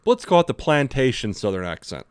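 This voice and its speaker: Very animated and quick-paced, this podcast co-host speaks at medium pitch with a clean tone. He rambles through anecdotes in casual chat, performs his own thoughts, and swears freely, all in clean studio sound without echo.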